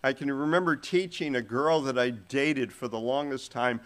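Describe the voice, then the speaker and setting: A man's voice: mid-range voice, normal speed, a bit bright. A man preaching a sermon, telling stories with shifting volume and pace.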